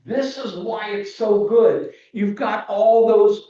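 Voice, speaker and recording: A man's voice: high voice, fairly even intonation, slow, warm tone. Enthusiastic man judging photos on a video call. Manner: enthusiastic, explanatory, with frequent restarts. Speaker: photo competition judge. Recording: echoey, distant, muffled video call audio.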